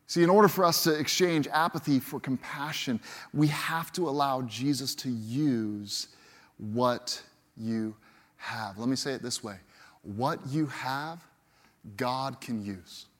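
A man preaching a sermon as pastor. He swings from loud, lively lines to hushed, slow ones, often repeats a word as he starts a sentence, and briefly acts out the voices of people in the story he tells. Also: medium pitch, in a large hall.

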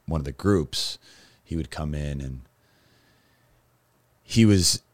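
Speaking slowly in an extremely low, rumbling voice, a male guest tells candid stories about his own life. He wanders through them with lots of fillers and self-corrections, and he becomes lively and animated whenever he gets to the funny parts.

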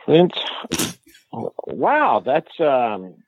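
A man's voice: medium pitch, wildly swooping pitch, very slow, breathy edge, dry recording. Older man, wary, over a tinny phone line. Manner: hesitant, wary, dryly skeptical. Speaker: prank call target. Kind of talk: casual phone call.

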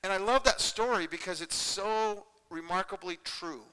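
A man preaching in an earnest, conversational way, often pausing to check in with his listeners. His voice sits a bit high and sounds bright and crisp. A long church-hall reverb trails behind his words. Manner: earnest, repetitive, conversational preaching with frequent "okay?" check-ins. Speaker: pastor. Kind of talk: sermon.

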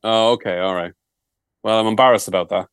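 A man's voice: on the low side, steady tone, brisk, clear, resonant tone, dry recording. Dry-voiced man bantering. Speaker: podcast co-host. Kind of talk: casual comedic chat.

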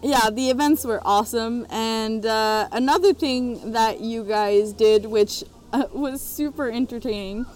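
A woman hosting a podcast, asking relaxed questions and giggling often. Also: a little high, a little slow, few pauses, slight background noise. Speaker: podcast host. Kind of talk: casual interview.

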